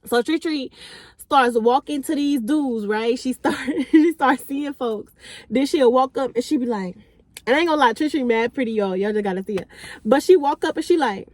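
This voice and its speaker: A young woman vlogger telling a party story in a casual, animated, blunt way, talking straight to her viewers. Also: sits high, normal speed, no room sound. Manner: animated, slangy and blunt, addressing viewers as y'all.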